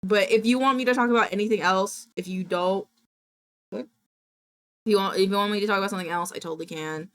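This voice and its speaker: A woman's voice: medium pitch, quick pace. A young adult woman streamer chatting casually on a live stream from home. She rants indignantly and swears freely. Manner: indignant, swearing, animated ranting.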